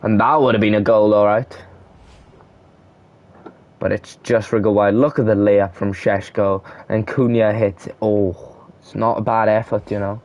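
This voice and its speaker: Low, unhurried man calling game football. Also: little pitch movement, highs cut off. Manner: calls player names in short bursts, shouts at goals and chances. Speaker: amateur video game football commentator. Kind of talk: play-by-play commentary over a football video game.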